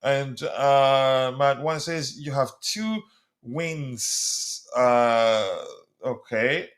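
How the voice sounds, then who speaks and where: This football debate streamer from South Africa talks extremely slowly in a medium-pitched voice. Chatty by nature, he reads viewer comments out loud and answers each one, and his first language is a South African language other than English.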